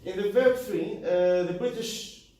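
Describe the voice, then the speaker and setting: A man giving a university class presentation, halting, with many fillers, restarts and non-native grammar. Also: high-pitched, warm tone, distant mic. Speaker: student presenter. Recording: very echoey room, voice from afar, faint noise.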